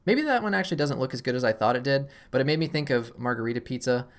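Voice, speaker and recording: A man hosting a casual screen-recorded software tutorial, thinking aloud as he clicks, relaxed and self-deprecating. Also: mid-range voice, rapid-fire, clean tone. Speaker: tutorial host.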